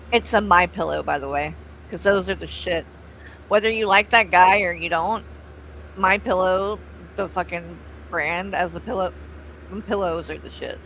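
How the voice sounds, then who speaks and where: A woman's voice: on the low side, gravelly, a bit bright, no echo. A woman, chatting casually as co-host of a stream, cooing over her dog and swearing freely. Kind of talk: casual chat on a livestream.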